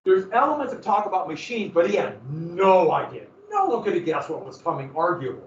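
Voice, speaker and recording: A man's voice: sits high, very animated, a little fast. Man lecturing in an echoey classroom. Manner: casual, joking, digressive storytelling. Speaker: teacher. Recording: roomy, dull, from a distant mic.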